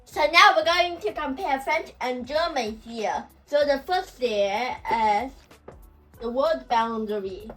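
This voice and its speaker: A woman teaching language pronunciation, who talks slowly and says example words over and over. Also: high voice, expressive, fairly bright tone, far from the mic, soft background music, rough recording. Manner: slow and repetitive, saying example words over and over. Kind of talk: explaining pronunciation.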